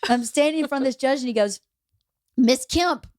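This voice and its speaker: Animated woman telling a funny story. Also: high voice, racing, dry recording, clean studio sound. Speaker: podcast host. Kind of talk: casual storytelling chat.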